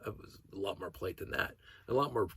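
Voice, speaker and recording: A man's voice: fairly low pitch, quick pace, a bit bright, slightly rough, no echo. A man talking in a rambling, casual monologue as a hobby vlogger, restarting sentences and breaking into short laughs. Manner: rambling, self-interrupting storyteller who laughs between thoughts.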